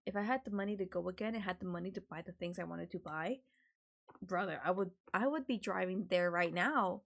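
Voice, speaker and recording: Young woman streamer, gravelly low voice, loose and chatty at a desk mic. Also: a little fast. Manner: chatty, swears a lot, laughs often. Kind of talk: casual chat.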